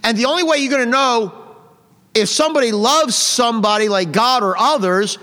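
A man with a high voice leads a Bible study, and his voice carries a long reverb, as in a large hall. He reads scripture slowly and stops to explain hard words. Then he drives his points home with emphatic, repeated phrases. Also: pushed and bright. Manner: slow, deliberate reading of scripture, pausing to define words; repetitive and emphatic, with rising intensity.

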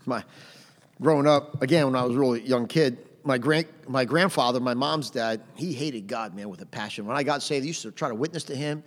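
A middle-aged man preaching a sermon in a conversational way, punching out phrases loudly and adding "amen". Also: medium pitch, brisk. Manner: conversational preaching with sudden loud emphatic phrases and frequent "amen". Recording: long hall reverb.

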